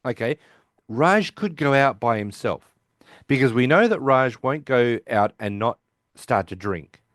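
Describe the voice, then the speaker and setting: With a mid-range, fairly bright voice, a male podcast co-host animatedly walks through an episode by quoting its characters, restarting often as he rambles. His pace is measured and the studio recording is clean and dry.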